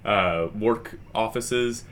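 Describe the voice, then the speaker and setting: A man's voice: on the low side, drawn-out words, a bit bright, a little hiss or hum. A man co-hosting a podcast, telling a long story casually with lots of "like" fillers. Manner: rambling, heavy use of "like". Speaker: podcast co-host.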